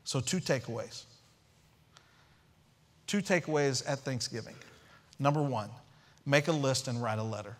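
A man's voice: mid-range voice, a little slow, pauses often. A man preaching a sermon as pastor, emphatic, repeating key phrases and asking rhetorical questions.

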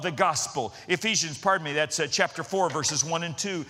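A man's voice: a little high, moderate pace, hardly any pauses. A middle-aged man preaching a sermon as pastor, telling stories and acting out quotes in different voices. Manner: animated storytelling with voiced quotes.

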